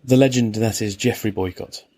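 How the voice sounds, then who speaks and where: Low-voiced man running a quiz. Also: fairly even intonation, a little mellow. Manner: quick, jokey asides. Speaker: guest quizmaster. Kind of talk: casual chat, quiz hosting.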